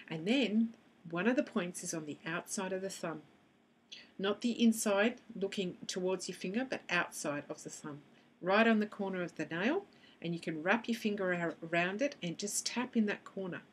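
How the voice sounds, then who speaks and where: At a moderate pace and medium pitch, an Australian EFT practitioner teaches tapping for children in a to-camera explanation. She acts out both participants in a session, with some slight background noise.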